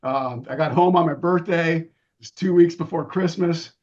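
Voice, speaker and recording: A middle-aged man losing his voice, giving a relaxed presentation with many ums and restarts over a video call. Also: on the high side, moderate pace. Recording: dull lo-fi video-call audio.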